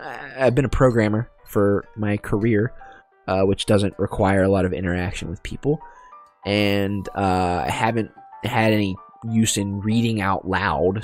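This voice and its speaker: A man's voice: on the low side, darkish tone. A man casually commenting on and reading aloud from a video game, chatty and self-deprecating. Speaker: video game let's-play host.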